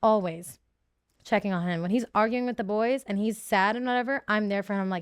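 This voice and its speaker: A woman's voice: medium pitch, a little fast, smooth, no room sound, studio quality. A woman in her twenties, a guest telling her story in casual chat, emotional and full of fillers.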